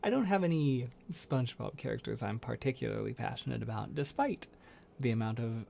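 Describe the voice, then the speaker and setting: A soft-spoken man hosts a relaxed livestream chat, rambling and laughing as he goes. His voice carries a gravelly edge and swings lively up and down, with faint noise in the background. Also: mid-range voice, fairly quick. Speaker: ASMR creator hosting a livestream.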